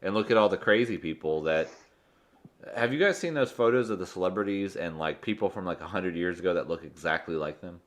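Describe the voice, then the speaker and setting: Male host, very low voice, laid-back joking chat with guests. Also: a little fast. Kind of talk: casual livestream chat.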